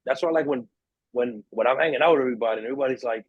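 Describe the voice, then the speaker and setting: A man's voice: medium pitch, fast talker, slightly rough, no room sound, low-quality recording. A young man telling a story in casual chat with friends, acting out the other people's lines. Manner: animated storyteller, acts out voices in quotes. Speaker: podcast host.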